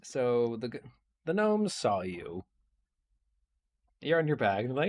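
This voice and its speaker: A man's voice: medium pitch, big pitch swings, a little slow, a little mellow. A man narrating a tabletop game as game master, playful and often laughing.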